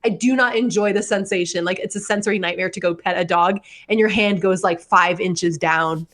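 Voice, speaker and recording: A woman's voice: on the low side, a little fast, a bit bright. Chatty woman telling a story. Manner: chatty storytelling, frequent likes and laughs. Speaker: podcast host. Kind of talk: casual chat.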